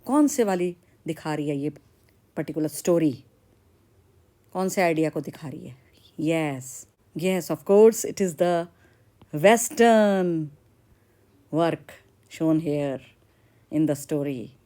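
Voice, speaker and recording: A woman's voice: deep voice, lively intonation, brisk, pauses often, dark tone. A woman teacher explaining a literature lesson and asking the class questions. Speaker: English teacher. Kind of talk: literature lesson with role-play.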